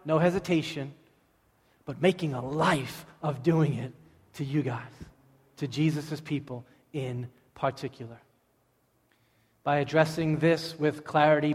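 A man preaching a sermon in a large church hall, his slightly high voice ringing with long reverb. He talks slowly and deliberately, hammering home points by repeating phrases. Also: a little mellow. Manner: emphatic, repeating phrases for stress. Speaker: pastor.

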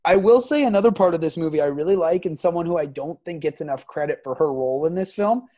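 Enthusiastic, halting film-talk co-host. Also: medium pitch, lively intonation, warm tone. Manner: enthusiastic, halting with fillers and restarts. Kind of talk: casual film discussion.

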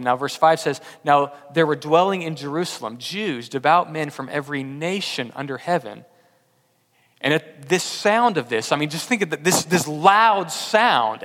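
A man from Texas, preaching a sermon as pastor, stumbling and repeating words, swinging from loud emphasis to hushed tones. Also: on the high side, in a large hall.

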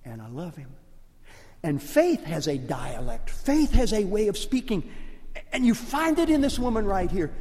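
An older man with a Cajun accent, a pastor preaching a sermon with impassioned swings from hushed to loud. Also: on the high side, in a large hall. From Louisiana, USA.

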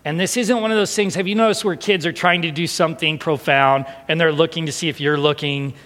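Male pastor, fairly high voice, storytelling sermon, long hall reverb. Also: a little fast. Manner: animated storyteller, drops to hushed emotional tones.

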